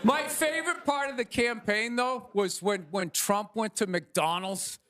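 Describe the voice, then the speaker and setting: A man doing a sarcastic, ranting stand-up comedy monologue to a live audience, often shouting. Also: high voice, a little slow. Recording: live stage with audience laughter. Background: audience laughter.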